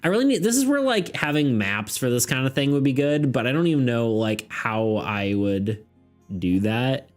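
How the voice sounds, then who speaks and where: A man's voice: mid-range voice, expressive, normal speed, soft background music. A man narrating as game master in a casual, hesitant way, full of ums and little laughs. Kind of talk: narrating a tabletop game on stream.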